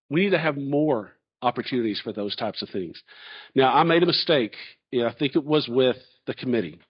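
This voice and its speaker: A middle-aged man, a candidate answering questions in a public forum in a folksy, storytelling way. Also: on the high side. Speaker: chancellor candidate. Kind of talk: public Q&A presentation. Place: large hall. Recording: dull lo-fi audio.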